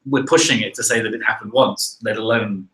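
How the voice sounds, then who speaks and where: A man's voice: fairly low pitch, steady tone, a little fast, bright, forceful tone, low-quality recording. A man hosting a live science panel, reading out viewer questions and answering them in a loose, conversational way. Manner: conversational, thinks aloud with "uh" and "right?".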